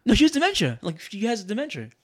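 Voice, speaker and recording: Skeptical man in quick comedic banter. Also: high voice, huge pitch swings, husky. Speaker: podcast co-host. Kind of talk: casual comedic chat.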